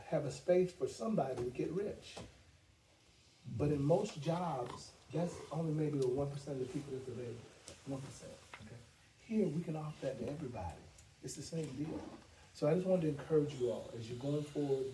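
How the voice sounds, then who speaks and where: A man's voice: a little high, warm tone. A man giving a sales training talk, emphatic and repetitive, often checking in with "okay?". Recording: echoey room from far off, noisy.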